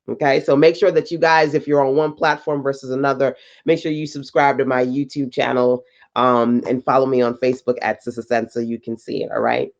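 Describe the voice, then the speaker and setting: A woman business coach on a live stream, talking slowly and emphatically in a preachy motivational style with slang asides and greetings to viewers. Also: very deep voice, vocal fry, highs cut off. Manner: deliberately slow delivery.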